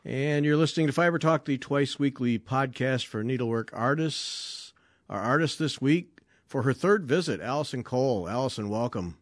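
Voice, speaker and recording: A man's voice: medium pitch, lively intonation, moderate pace, no echo, clean studio sound. Chatty male podcast host. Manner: chatty, jokey, with fillers and restarts. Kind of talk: casual podcast interview.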